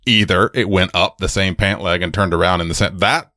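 A man's voice: low-pitched, brisk, dry recording, studio quality. A man co-hosting a podcast, chatting casually and jokily about a film, with frequent laughter. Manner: animated, jokey, laughs a lot. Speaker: podcast co-host.

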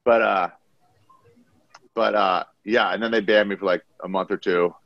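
Low-voiced profane man telling stories. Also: steady tone, moderate pace, creaky, no echo, muffled recording. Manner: profane storytelling, acts out people he quotes. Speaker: comedian guest. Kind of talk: casual podcast chat.

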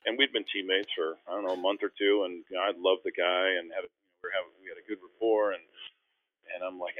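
A middle-aged man, a former basketball player, telling stories in a casual interview and acting out the quoted voices with lively energy. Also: low-pitched, fast. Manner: animated storyteller, acts out quoted voices. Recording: tinny phone-like line.

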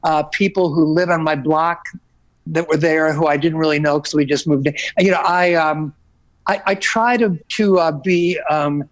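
High-voiced easygoing rock singer guest. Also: male voice, steady tone. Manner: easygoing, halting, self-deprecating. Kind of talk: casual interview chat.

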